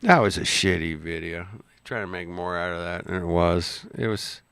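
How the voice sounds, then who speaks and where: Gravelly rambling man swearing casually. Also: low-pitched, normal speed, a bit bright, a little hiss or hum. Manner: rambling, swearing, laid-back. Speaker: streamer reacting to clips. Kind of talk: casual profane chat.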